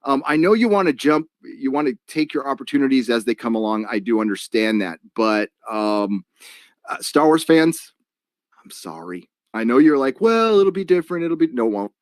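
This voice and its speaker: A man's voice: mid-range voice, moderate pace, no room sound. A man hosts a live stream and rants in a casual way, stopping often with ums and restarts. The recording is dry and close, with no room sound. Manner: ranting, frequent fillers and restarts. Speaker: live stream host reading donations.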